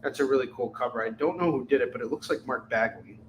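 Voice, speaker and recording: In a rough recording with slight background noise, a mid-range male voice runs a live-stream sale, joking and chatting as he quickly calls out products and their prices.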